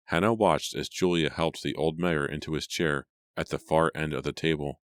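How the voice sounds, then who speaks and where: A man narrating an audiobook in a steady, even storytelling manner. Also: rumbling low, normal speed, few pauses, no room sound, clean studio sound. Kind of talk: scripted narration.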